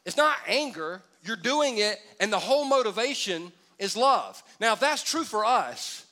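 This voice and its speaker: A man's voice: high-pitched, sing-song, moderate pace, pushed and bright. A man preaching a sermon as pastor, conversational and humorous, asking the congregation for responses. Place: church auditorium.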